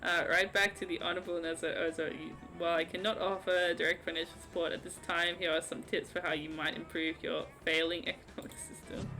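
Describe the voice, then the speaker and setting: A young adult woman streaming a game, giving casual commentary, exasperated and swearing with loud outbursts. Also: on the low side, steady tone, a little fast, faint music behind.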